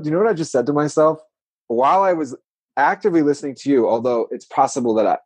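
Over a remote call recording, a man in his forties chats casually as a podcast guest, rambling with plenty of "like" fillers. His mid-range voice is a little mellow, with no room sound.

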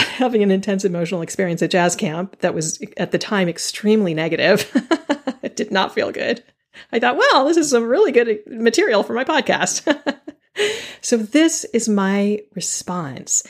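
Woman podcast host, candid reflective solo talk, slow delivery with a lively pitch. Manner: candid, thoughtful, often pausing and restarting; laughs at herself now and then.

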